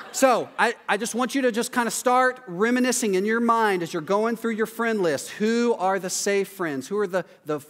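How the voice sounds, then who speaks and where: A man preaching a sermon in a conversational way, often adding quick "right?" asides. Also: high-pitched, a bit bright, in a large hall. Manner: conversational, acts out quoted voices, frequent "right?" asides. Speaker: pastor.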